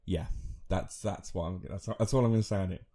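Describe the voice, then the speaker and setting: A man's voice: deep voice, fairly quick, warm tone. A man in his thirties co-hosting a podcast, rambling through a story with frequent laughs and self-mocking asides. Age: 30s. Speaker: podcast co-host. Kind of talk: casual chat.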